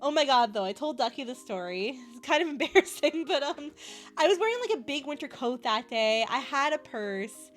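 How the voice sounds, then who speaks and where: A woman's voice: sits high, expressive, moderate pace, soft background music. A bubbly young woman from Canada chatting casually with her stream chat, giggling often and gushing over cute things.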